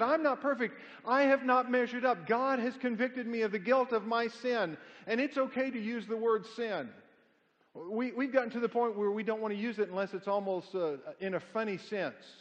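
A middle-aged male pastor preaches emphatically, mixing rhetorical questions with folksy, humorous stories. His voice sits high for a man, and a long hall reverb trails each phrase. The sound is dull and lo-fi. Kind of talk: sermon.

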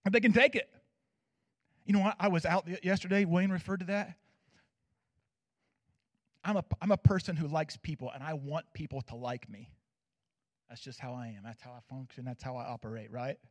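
A man preaching a sermon as pastor, swinging from loud declarations to hushed asides and checking in with his listeners. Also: a little high, moderate pace, pauses often. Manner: asks the audience for agreement.

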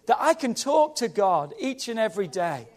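Man, pastor, sermon, very high-pitched voice, emphatic, exhorting, rallying the congregation. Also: very animated, moderate pace. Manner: emphatic, exhorting, repeats "come on". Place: church.

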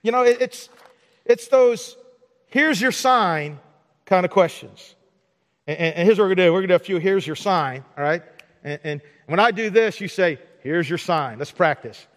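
Man, pastor, high voice, long hall reverb, animated preaching. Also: brisk. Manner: animated, acts out mock dialogues for laughs. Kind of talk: sermon. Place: church sanctuary.

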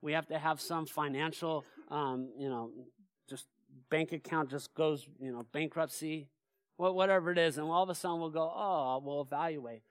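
Male pastor, lively sermon delivery, keeps quizzing the congregation; close, dry sound. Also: a little high, moderate pace, clear, resonant tone, no echo. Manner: animated, asks the congregation rhetorical questions. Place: church sanctuary.

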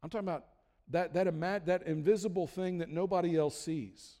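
Casting: man, pastor, slightly high voice, chatty self-deprecating sermon, reverberant church hall. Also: a little fast, warm tone. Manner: conversational, self-deprecating humor, frequent restarts.

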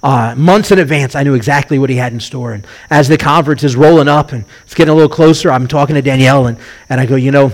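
A man's voice: medium pitch, quick pace. A middle-aged man, a rabbi, preaching a sermon and telling stories, acting out the voices he quotes. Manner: animated storytelling, acts out quoted voices.

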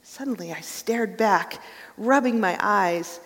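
Woman preacher, earnest storytelling, mid-pitched, long reverb of a large hall. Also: slow. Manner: earnest storytelling, softening to hushed prayer. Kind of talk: sermon with read-aloud story.

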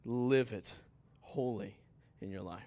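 A man preaching a sermon in a relaxed, conversational way, with asides to the congregation. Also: lowish voice, takes it slowly. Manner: conversational preaching that rises to emphatic scripture reading. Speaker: pastor.

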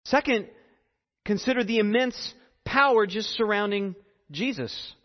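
Earnest and high-voiced, a pastor delivers a sermon built on repetition and dramatic pauses. A long hall echo trails his words, captured on a dull, muffled recording.

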